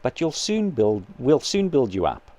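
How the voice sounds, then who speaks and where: A calm, kindly male spirit, read by a man, speaking in an earnest, patient voice that still rises and falls a lot. Close and dry. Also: medium pitch, unhurried, dry recording. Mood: gentle. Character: patient gentle male spirit, her brother.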